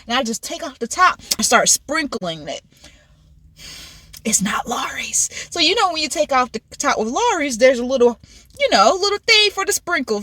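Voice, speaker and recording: A woman vlogger telling a casual storytime in an excitable, animated way, recorded inside a car. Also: sits high, no echo.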